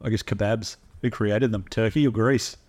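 A man's voice: fairly low pitch, steady tone, moderate pace, a little mellow. An Australian man in casual podcast chat, laid-back and asking questions. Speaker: podcast co-host.

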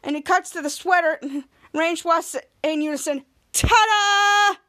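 A woman with a very high voice hosts a casual podcast. She recaps an episode scene by scene and slips into the characters' lines as she goes. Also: steady tone, brisk. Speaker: podcast host.

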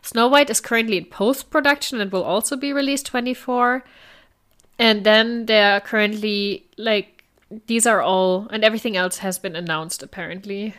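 A woman's voice: mid-range voice, normal speed, fairly bright tone. A woman co-hosting a podcast in casual chat, with a blocked nose, laughing often and trailing off mid-sentence. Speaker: podcast co-host.

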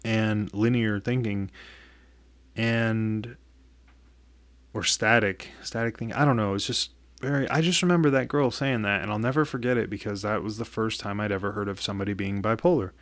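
Man with a low, dry voice. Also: steady tone, fairly bright tone, no echo. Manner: candid, profane, halting with frequent restarts. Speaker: vlogger. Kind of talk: casual personal storytelling.

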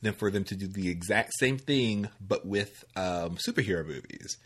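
A man's voice: sits low, moderate pace, a bit bright, husky. A man co-hosting a podcast, rambling casually about films with lots of fillers and easy laughs. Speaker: podcast co-host. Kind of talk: casual film discussion.

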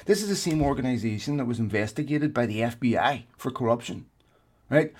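A man's voice: mid-range voice, expressive, fairly quick, darkish tone. A man co-hosting a podcast, ranting in heated casual chat and swearing often. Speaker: podcast co-host.

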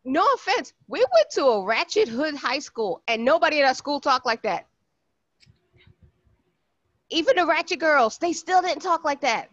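A woman from Brooklyn, co-hosting a casual podcast and acting out quotes in an animated way. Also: high voice, moderate pace, dry recording. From Brooklyn, New York. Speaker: podcast co-host. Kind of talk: casual chat. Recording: dry, dull lo-fi sound.

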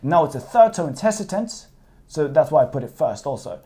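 A man tutoring in a casual lesson, patient and playful, slowing down and repeating words to demonstrate. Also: a little high, very animated, dark tone. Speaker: Chinese tutor. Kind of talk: casual one-on-one language lesson.

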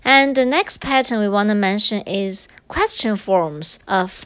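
A woman's voice: mid-range voice, lively intonation, a little slow, a bit bright, no echo. A woman teacher explaining grammar patiently in a recorded language lesson, moving between English and Chinese.

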